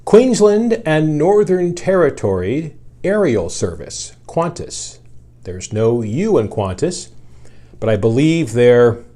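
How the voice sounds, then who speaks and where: Brief: middle-aged male yarn-spinner, very slow and easygoing, drifting into asides. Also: a little high, big pitch swings, dark tone. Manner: unhurried, meandering, full of asides. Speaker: radio journalist telling a story. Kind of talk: casual storytelling.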